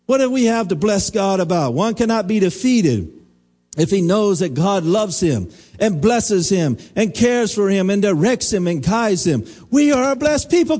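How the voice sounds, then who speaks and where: Middle-aged male pastor; high, mellow voice; full sermon delivery with call-and-response. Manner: preaching with call-and-response questions.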